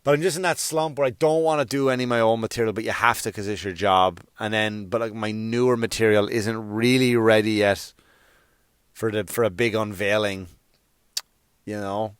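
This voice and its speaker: A man's voice: fairly low pitch, steady tone, moderate pace, clear, resonant tone, no room sound, studio quality. A young man, a stand-up comedian, rambling profanely through a solo podcast monologue with lots of restarts and fillers. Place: around New York.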